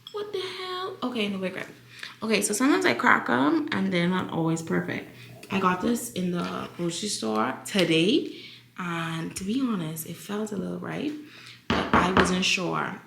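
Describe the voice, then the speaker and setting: A woman's voice: mid-range voice, creaky, a bit bright, roomy sound, a little hiss or hum. A young woman chatting to her viewers in a casual Q&A vlog while cooking in her home kitchen. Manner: chatty, talks straight to viewers as y'all. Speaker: lifestyle vlogger.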